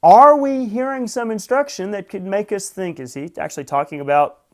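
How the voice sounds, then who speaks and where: A man's voice: sits high, moderate pace. A man hosting a live morning stream, chatting casually, greeting viewers by name and adding wry asides. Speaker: host.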